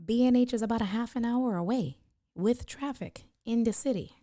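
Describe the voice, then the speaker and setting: A woman's voice: on the high side, normal speed, warm tone, no echo, clean studio sound. A woman live-streaming, chatting casually and joking with her viewers as she reads their comments.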